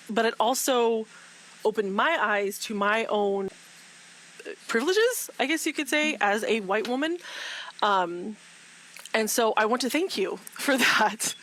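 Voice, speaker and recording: A woman's voice: medium pitch, fairly bright tone, rough recording. A woman speaking with passion in a casual group talk, repeating herself and laughing often. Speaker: guest speaker in a live fan discussion.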